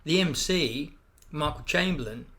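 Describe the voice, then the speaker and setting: Brash aussie comic guy, gravelly and bright, swears a lot, acts out the voices. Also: a little high, expressive, measured pace. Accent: Australian. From Australia. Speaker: stand-up comedian guest. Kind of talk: casual storytelling.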